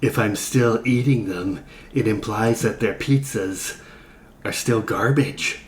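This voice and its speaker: A man as a deadpan giant bug celebrity. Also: lowish voice, slow. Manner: dry, deadpan, blunt. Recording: roomy echo with faint noise.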